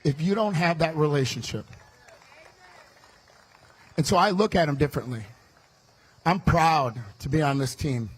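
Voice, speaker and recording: Speaking into a stage mic at a state fair, a running mate from the Chicago area delivers a fiery rally speech, fast and loud, yelling his punchlines. The audio is poor, and his slightly high voice has a breathy edge.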